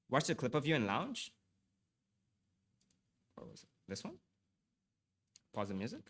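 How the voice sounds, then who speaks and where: This young streamer's mid-range voice swings hugely in pitch, moving slowly with long pauses and a breathy edge. He chats with viewers and reads aloud, apologizing often, stammering, repeating himself, and sounding slightly stuffy from allergies.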